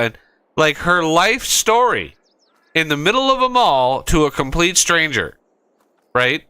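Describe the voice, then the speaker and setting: A man's voice: on the high side, very animated, a little slow, bright, forceful tone, clean tone, no room sound. A man hosting a gaming channel, chatting casually while he plays and telling a rambling story full of restarts. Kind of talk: casual chat while playing a game.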